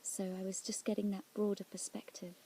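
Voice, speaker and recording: A woman telling of a prayer experience in a reflective, halting way, often dropping into near-whispers. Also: mid-range voice, level tone, slight background noise. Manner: soft-spoken, drops often into near-whispers; halting and searching, with restarts. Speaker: Christian speaker sharing a prayer experience. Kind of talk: reflective personal testimony.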